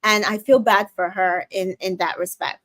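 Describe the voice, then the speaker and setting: A woman's voice: mid-range voice, fairly even intonation, normal speed, fairly bright tone, no room sound. A woman hosting a casual TV recap, chatty and emotionally invested, with lots of fillers and self-corrections. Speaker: recap show host.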